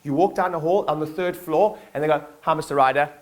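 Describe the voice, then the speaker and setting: A man's voice: a little high, a little fast, a little mellow. A man giving a motivational keynote to his staff in a conference hall, talking casually with lots of fillers and calling on the audience to respond.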